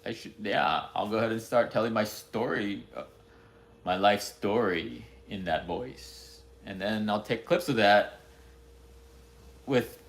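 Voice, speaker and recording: A man's voice: fairly low pitch, unhurried. A man rambling candidly to himself in a casual, self-deprecating monologue.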